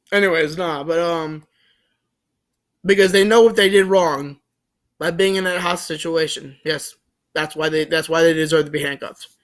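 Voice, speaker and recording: A young man casually telling a story to the camera, rambling with lots of fillers and restarts, joking and animated. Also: fairly high pitch, measured pace, long pauses. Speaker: vlogger.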